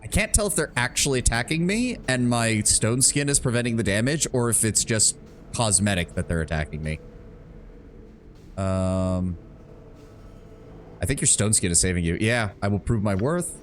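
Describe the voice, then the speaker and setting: A man's voice: fairly low pitch, animated, moderate pace, a little hiss or hum. A man streaming a video game, chatting casually and wryly, swearing and thinking aloud about the game's rules. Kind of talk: casual let's-play commentary.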